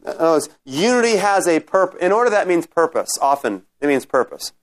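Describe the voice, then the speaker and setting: A man's voice: on the high side, sing-song, a little fast. A man teaching a Bible study class in a conversational way, often checking in with his listeners and restarting his sentences.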